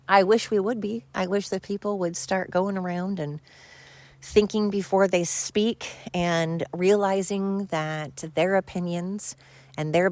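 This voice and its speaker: A woman's voice: lowish voice, dry recording. A woman hosting a solo podcast, ranting bluntly and crudely, rambling with fillers and exasperated asides. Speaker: podcast host. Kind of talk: solo opinion podcast rant.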